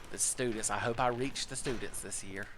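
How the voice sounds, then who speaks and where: A man doing a soft, fretful substitute teacher. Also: lowish voice, moderate pace, noisy background, lightly acted. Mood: earnest. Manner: soft-spoken, hesitant, earnest. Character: nervous, kindly middle-aged male substitute teacher.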